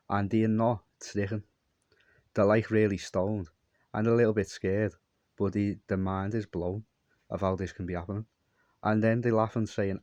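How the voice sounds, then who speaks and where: A man's voice: lowish voice, little pitch movement, normal speed, a little mellow, dry recording, muffled recording. A man telling a long, meandering story in a repetitive monologue. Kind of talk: rambling monologue.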